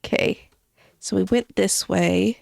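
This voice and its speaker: Woman streamer just chatting, slow and kinda hesitant, clean dry sound. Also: mid-range voice, steady tone, creaky, darkish tone, no room sound. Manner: chatty, hesitant, thinking aloud with many ums. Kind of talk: casual gameplay stream chat.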